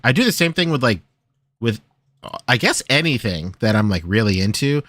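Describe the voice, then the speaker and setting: A man's voice: mid-range voice, very animated, moderate pace, fairly bright tone, no echo, studio quality. A man co-hosting a podcast in casual chat, laid-back and hesitant, with many fillers and restarts. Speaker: podcast co-host.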